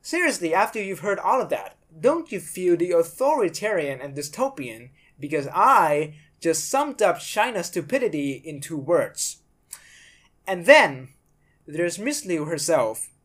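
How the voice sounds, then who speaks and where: A woman's voice: on the low side, big pitch swings, measured pace. A woman hosting a podcast, giving blunt, sarcastic commentary and swearing freely. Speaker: podcast host.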